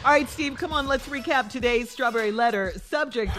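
A woman's voice: on the high side, fairly quick, music in the background. A woman co-hosting a radio morning show, reading letters and moderating the segment. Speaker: radio co-host.

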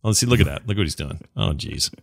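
This co-host has a deep, gravelly voice and an animated delivery, captured in studio quality with no room sound. He talks eagerly and casually about a video game on the podcast, rambling with fast asides.

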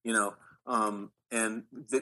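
A middle-aged man, an actor guest, telling animated stories in an interview with frequent restarts. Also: fairly low pitch, slow pace, rough recording. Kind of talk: storytelling interview.

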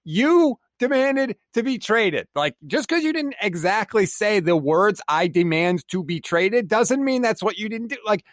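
A man's voice: sits high, lively intonation, unhurried, few pauses, dry recording, studio quality. A man co-hosting a casual sports podcast, fired up and ranting with swearing. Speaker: podcast co-host.

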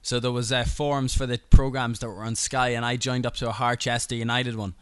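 A man's voice: medium pitch, flat delivery, fairly quick, a bit bright, smooth, no echo. A man hosting a podcast, chatting casually with a playful, teasing manner. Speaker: podcast host. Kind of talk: casual chat.

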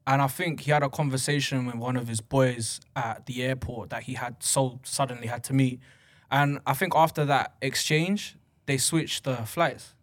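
A man's voice: medium pitch, steady tone, moderate pace. A young man from London with a London accent, a guest chatting casually and saying "bro" a lot. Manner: easygoing, says "bro" and "yeah, yeah" a lot. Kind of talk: casual chat.

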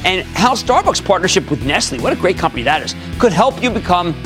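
A man in his sixties hosting a stock market show, delivering commentary and answering callers in an emphatic way, dropping from loud to hushed. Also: high voice, sing-song, over music. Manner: emphatic, rapid shifts between loud and hushed.

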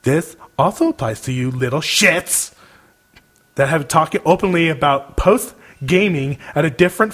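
A young podcast co-host with a husky, slightly bright voice on the high side reads an email aloud, animated but a little slow. He puts on mock outrage and breaks into laughter between lines of the casual show.

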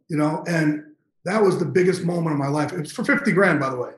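A man in his fifties, an NFL insider appearing as a guest on an interview show, tells an emotional story with intense, profane energy and gets choked up. His voice is a little high and brisk, recorded in an echoey room with poor audio.

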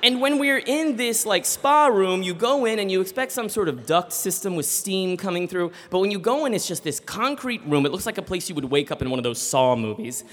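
A man telling a comic personal story live on stage, animated and acting out voices. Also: high voice, brisk, hardly any pauses, big-room sound. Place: theater stage.

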